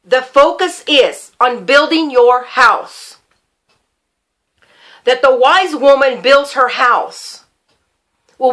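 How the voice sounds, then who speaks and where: A woman's voice: sits high, fairly bright tone. A woman giving sermon-style Bible teaching to women, earnest, repeating her key phrases and telling stories from her own life.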